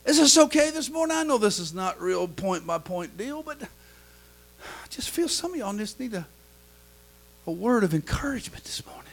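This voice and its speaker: A man pastor preaches a sermon in a chanting cadence, peppering his lines with "uh." His voice is very high with a gravelly, fry-laden rasp. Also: very animated, moderate pace, pauses often, rough recording.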